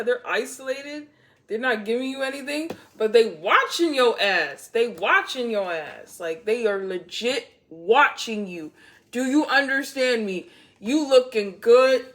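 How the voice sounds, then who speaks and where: A woman giving a casual tarot reading to camera, playful and blunt, swearing freely and laughing often. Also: fairly high pitch. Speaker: tarot reader.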